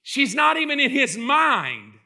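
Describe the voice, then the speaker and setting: High, bright-voiced male preacher. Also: a little slow. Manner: animated, acts out voices in his story; builds to impassioned shouting. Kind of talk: sermon.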